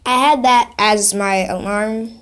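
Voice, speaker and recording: Slow-talking playful woman vlogger. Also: medium pitch, fairly even intonation, background noise. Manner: playful, giggly running commentary. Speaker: vlogger reviewing a sound effects app. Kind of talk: casual chat.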